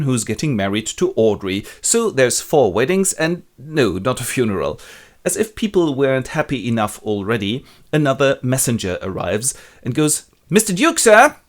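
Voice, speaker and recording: Irreverent male storyteller. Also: mid-range voice. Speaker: host. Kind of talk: comic literature retelling.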